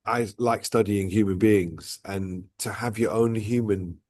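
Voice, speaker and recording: A man's voice: fairly low pitch, fairly even intonation, unhurried, darkish tone, no echo, studio quality. A man hosting a vlog, talking casually and at length, often tagging "right?" and "look" onto his points. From outside Dubai. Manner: rambling, repeats "right?" and "look". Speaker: vlog host. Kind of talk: casual reflective chat.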